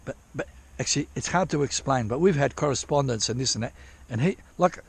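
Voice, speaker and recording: A man's voice: medium pitch, animated, fairly quick, gravelly, breathy edge. A man vlogging outdoors while prospecting for gold in drizzle, rambling casually with lots of swearing and restarts. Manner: rambling, profane, self-interrupting. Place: outdoors at a dig site in drizzle.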